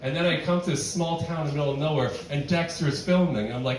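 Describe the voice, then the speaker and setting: Casting note: young male comic, self-deprecating, meandering delivery, recorded from afar in a boomy room with a crowd. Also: fast. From New York City. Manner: rambling, self-deprecating, full of fillers and restarts. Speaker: stand-up comedian. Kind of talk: stand-up set. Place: barn venue with live audience. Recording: echoey room, distant mic, audience.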